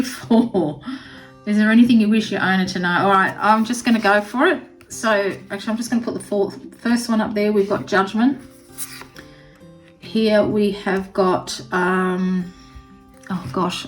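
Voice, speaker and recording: A woman's voice: mid-range voice, low-quality recording. A woman tarot reader giving a pet-spirit reading to camera. She is earnest and reassuring, close to tears, and keeps checking in with "okay?". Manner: earnest and reassuring, with frequent 'okay?' tags.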